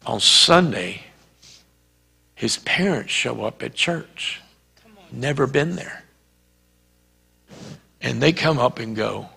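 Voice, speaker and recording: A man's voice: fairly high pitch, lively intonation, takes it slowly, gravelly, long pauses, pushed and bright, breathy edge. A man with a Southern US accent preaching a sermon as pastor, telling a story and acting out the dialogue. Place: church sanctuary. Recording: reverberant church hall.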